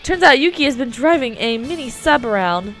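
A woman reading a game's lines for a gruff Southern fisherman, in a plain reading voice. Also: high voice, animated, fairly quick, fairly bright tone, faint music behind. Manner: reads the on-screen lines plainly.

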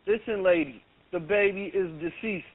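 Young man caller, high-pitched, urgent and exasperated, thin phone line. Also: normal speed, no echo. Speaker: 911 caller. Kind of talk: emergency phone call. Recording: tinny phone line with faint noise.

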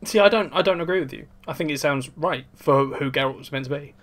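A young man co-hosting a podcast, easygoing and calmly arguing back in casual chat. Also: on the high side, fairly quick. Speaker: podcast co-host.

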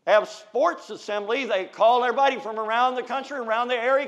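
An American man preaching a sermon, swinging between loud shouted declarations and low, quiet asides. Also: quick pace, few pauses, dull audio.

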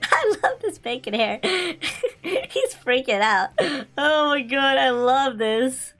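A young woman giving excitable, giggly commentary while playing a video game. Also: high-pitched, slow. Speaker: gaming channel host.

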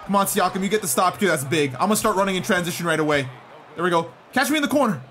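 A man giving excited gameplay commentary as a gaming YouTuber, shouting and groaning at the game as it goes. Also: high-pitched, racing, a little hiss or hum. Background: game music and sounds.

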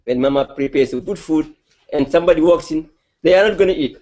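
A man giving a sermon, telling a religious story in an animated, heartfelt way. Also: a little high, fast. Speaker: preacher.

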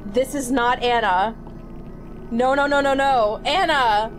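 A woman's voice: sits high, animated, slow, pauses often. A young woman streaming a horror game who reads its text aloud and often shrieks and exclaims. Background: game music.

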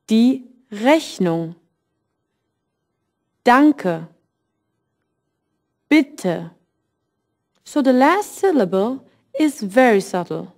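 Female teacher voice for a scripted lesson, slow and clear delivery, lively pitch. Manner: slow, clear, modelling phrases at half speed. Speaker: language teacher.

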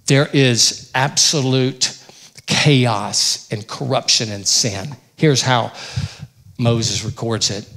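A man preaching a sermon in a church, rising loud on key points and dropping low and quiet. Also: slow pace. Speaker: pastor.

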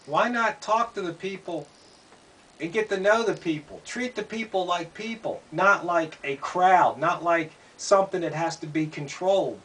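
In an opinion monologue, a man whose voice sits high and a bit bright talks at a moderate pace, asking pointed rhetorical questions and going over the same ground again. A distant mic captures him alongside faint background noise.

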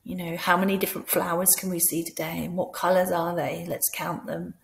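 A woman's voice: fairly low pitch, flat delivery, a little fast, vocal fry. Scottish woman explaining classroom ideas. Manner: demonstrates by speaking to imagined children in a bright teacher voice. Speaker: teacher trainer. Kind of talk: instructional talk with classroom role-play.

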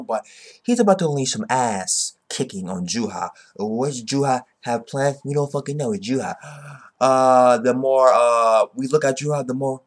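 An excitable young man giving casual commentary on a manga chapter. His talk is loaded with slang and swearing, and he keeps punctuating his points with "okay?". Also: mid-range voice. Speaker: manga reviewer.

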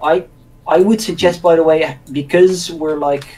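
A man with a fairly high voice chats through a game stream in a playful, easygoing way, quick to laugh. He sits a little back from the mic, so his voice sounds distant in the room. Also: steady tone, mellow, slight background noise. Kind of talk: casual gaming chat.

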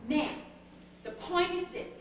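A woman telling a story to a group in an animated, emphatic way, often laughing. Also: very high-pitched, measured pace, noisy background. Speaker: speaker addressing a group. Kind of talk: storytelling talk. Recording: echoey hall from a distant mic.

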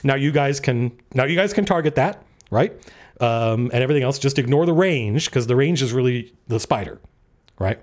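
A man running a tabletop game as game master, his voice swinging up and down with lively energy. He talks casually, swears freely and thinks out loud over the rules as he narrates the action. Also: medium pitch, moderate pace.

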